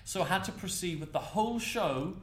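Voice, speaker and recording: A man's voice: high-pitched, fairly quick, a little hiss or hum. A man from North East England with a Geordie accent, a mentalist performer telling stories in a casual panel chat, laughing often. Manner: animated, laughing storyteller.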